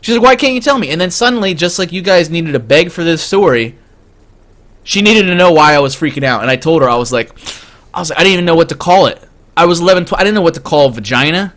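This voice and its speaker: A man tells a story on a live stream in a fairly high, lively voice that jumps around constantly. He stammers, restarts and fills every pause with "like" and "you know.". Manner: excitable, stammering, lots of fillers.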